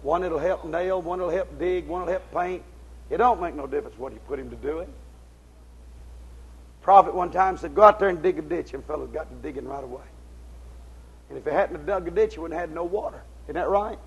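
A man preaching a fiery sermon, in folksy, ungrammatical speech, swinging between shouted exhortation and low, intense tones. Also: brisk, pauses often, husky, poor audio.

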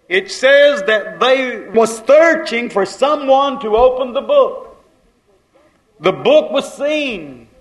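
A man preaching a sermon with fervor, swelling loud and then dropping to a hush. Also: high-pitched, low-quality recording.

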